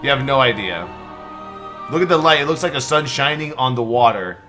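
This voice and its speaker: A young man hosting a live stream, stressed and excitable, swearing and thanking subscribers in quick bursts. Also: medium pitch, music in the background. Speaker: livestream host. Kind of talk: live reaction stream chatter.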